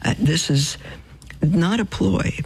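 An older woman hosting Catholic radio, telling faith stories with lively whispered emphasis. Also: on the low side, slow pace, gravelly, a little hiss or hum, low-quality recording. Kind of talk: storytelling appeal on radio.

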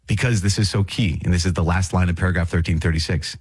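Low husky man teaching faith. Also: fast, no room sound, clean studio sound. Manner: earnest and animated, repeats key phrases, chatty asides. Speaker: podcast host teaching the Catholic catechism. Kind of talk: casual teaching with read passages.

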